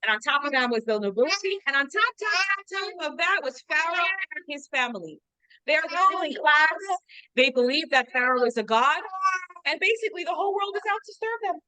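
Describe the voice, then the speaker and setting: Woman teacher, high bright voice, chatty, asks the class rhetorical questions. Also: animated, brisk, no echo. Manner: chatty, lots of "like" fillers, explains with rhetorical questions. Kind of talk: informal lesson.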